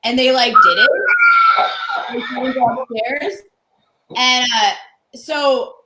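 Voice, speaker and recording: A woman's voice: fairly high pitch, bright, forceful tone, roomy sound, slight background noise, poor audio. A young adult woman from Connecticut, a guest comedian, telling candid stories with lots of "like" and acted-out quotes. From Connecticut, USA. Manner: chatty, peppered with "like", acts out quoted lines. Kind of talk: candid storytelling interview.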